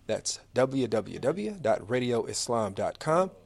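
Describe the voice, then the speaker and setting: A man's voice: medium pitch, very animated, a little slow, vocal fry. A man in his forties hosting a live radio talk show from a studio, chatty, friendly and upbeat as he runs through announcements.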